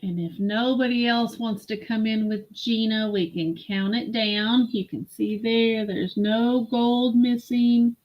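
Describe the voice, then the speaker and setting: A woman hosting a live-stream vintage sale, slowly admiring and describing glassware. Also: fairly high pitch, fairly even intonation, highs cut off. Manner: slow, admiring product descriptions.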